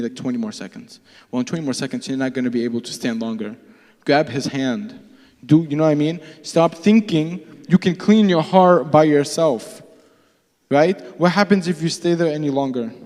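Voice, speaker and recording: A man's voice: a little high, warm tone. Young man preaching casually in a church hall. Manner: conversational, acts out prayers in a pleading voice. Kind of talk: casual sermon. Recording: church hall live stream with long reverb.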